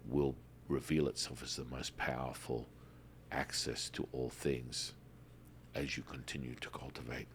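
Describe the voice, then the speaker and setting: Super deep voiced guy on a podcast, playful, animated, keeps saying baby. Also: a little hiss or hum. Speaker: podcast host. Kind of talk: casual spiritual podcast talk.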